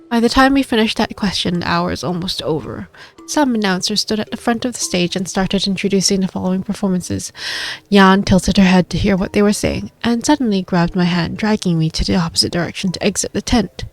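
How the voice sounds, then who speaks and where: A woman's voice: medium pitch, brisk. Woman reading a visual novel aloud. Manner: expressive storytelling reader. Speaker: let's play gamer.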